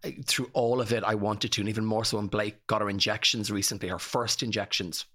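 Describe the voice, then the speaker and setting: Bright-voiced Irish man opening up. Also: on the low side, steady tone, fairly quick. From Ireland. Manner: open, tumbling storytelling. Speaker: guest. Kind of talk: candid emotional interview.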